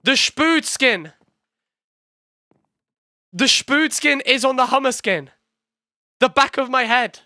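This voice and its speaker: Young guy streaming a reaction to his own vid, high bright voice, hyped and sweary. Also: dry recording, studio quality. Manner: excitable, swears, talks in quick bursts. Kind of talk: casual reaction commentary.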